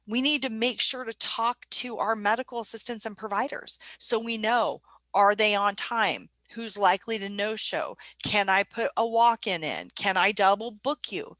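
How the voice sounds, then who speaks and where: A woman's voice: fairly high pitch, expressive, moderate pace, a bit bright, no room sound. A woman presenting a staff training webinar in a conversational way, putting questions to her audience.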